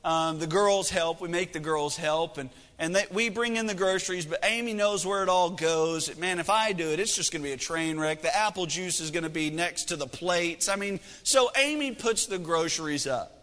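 High, bright-voiced male preacher in a hall. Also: moderate pace, hardly any pauses. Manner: folksy, self-deprecating, joking. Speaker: pastor. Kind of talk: humorous sermon storytelling. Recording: echoey hall reverb.

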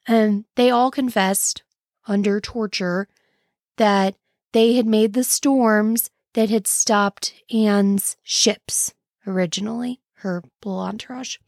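A woman's voice: on the high side, no room sound, studio quality. A woman hosting a casual history podcast, telling the story with wry, sarcastic asides. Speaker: podcast host.

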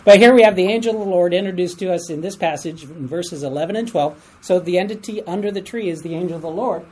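A teacher leading a Bible study class, asking group members to read verses and explaining them in an animated way. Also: medium pitch, quick pace, a little hiss or hum, low-quality recording. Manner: animated, asks the class for readers, chuckles at stories. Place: room with a class.

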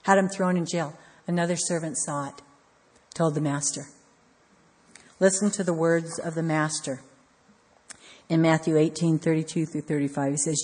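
A woman preaching an earnest, measured devotional sermon with repeated emphasis. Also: low-pitched, steady tone, darkish tone. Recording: long hall reverb.

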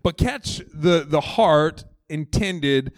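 A man's voice: fairly high pitch, slow pace, no echo. A man in his thirties, a lead pastor preaching a conversational sermon from a church stage. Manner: conversational and animated, acting out voices of the story.

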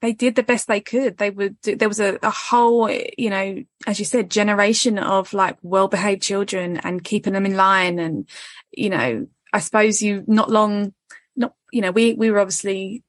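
A woman's voice: mid-range voice, moderate pace, dry recording. A woman, hosting a casual podcast chat, candid and swearing freely as she acts out what others say. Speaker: podcast host.

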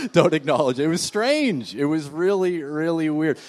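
A man's voice: on the high side, animated, fairly quick. A man preaching a sermon in a church, talking in a loose, conversational way with frequent fillers and restarts while seated. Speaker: pastor.

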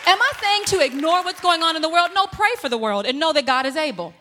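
A woman preacher delivering a humorous, emphatic sermon with laughter and shouted points, heard with a long echo in a church sanctuary. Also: extremely high pitch, expressive, fast talker, a faint crowd, slight background noise. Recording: long reverb in a large hall.

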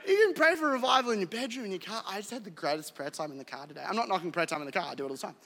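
Aussie pastor guy preaching, kinda high voice, cracks jokes, echoey church hall. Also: racing. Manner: joking, animated preaching with acted-out asides. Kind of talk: sermon. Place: church auditorium.

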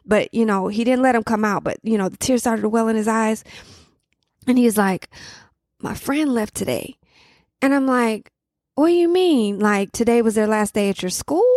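A woman's voice: a little high, dry recording. Chatty woman host in a dry room. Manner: conversational, many fillers and restarts, southern 'y'all'. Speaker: podcast host. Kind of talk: casual reflective monologue.

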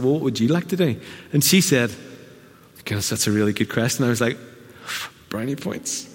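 Male pastor, chatty sermon, mid pitch, long church-hall reverb. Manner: conversational preaching, with quick quoted asides.

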